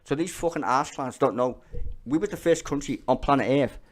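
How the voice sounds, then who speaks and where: A man's voice: medium pitch, fairly quick. A young Scouse man ranting over clips in casual, profane, blunt commentary. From Liverpool, England. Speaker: streamer reacting to videos.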